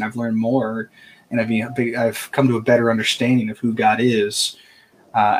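A man co-hosting a podcast, talking through a Bible passage in a casual, halting way with many restarts. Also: medium pitch. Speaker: podcast co-host. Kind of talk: casual faith discussion.

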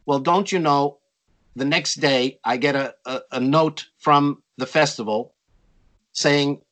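Animated storytelling man, fairly high voice. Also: takes it slowly, rough recording. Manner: animated, acts out quotes in raised voices. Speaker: interview guest, jazz musician. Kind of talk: storytelling in a conversation.

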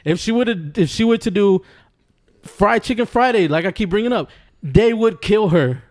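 A man's voice: high-pitched, lively intonation, normal speed. A man co-hosting a casual podcast, laughing often and pressing his point with repeated phrases. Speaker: podcast co-host.

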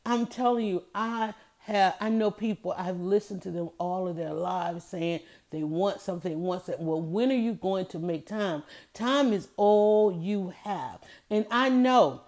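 A woman hosting a motivational podcast, telling stories with lively energy and repeating her key phrases to press a point. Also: medium pitch, unhurried, hardly any pauses. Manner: lively storytelling, addresses listeners as y'all and honey. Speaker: podcast host.

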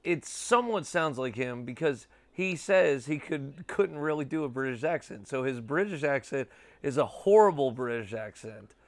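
A man's voice: mid-range voice, animated, moderate pace, dry recording. A man in his thirties hosting a podcast, rambling casually with lots of filler and swearing. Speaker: podcast host. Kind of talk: casual chat.

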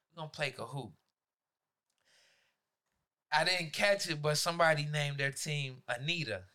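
A man, a teacher, telling a profane, animated story in a casual podcast chat. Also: a little high.

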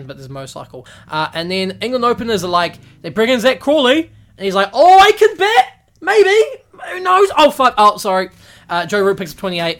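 Excitable, profane man recapping cricket. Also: on the high side. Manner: excitable and profane, acts out players in mock voices. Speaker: podcast host.

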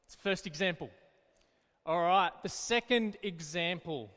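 High-voiced man leading a children's Bible talk. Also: a little slow, big-room sound. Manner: lively, encouraging, storytelling. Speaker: children's church leader.

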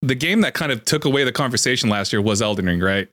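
A man co-hosting a casual gaming podcast, rambling and joking, quick to apologize when he cuts in. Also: medium pitch, lively intonation, a bit bright. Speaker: podcast co-host.

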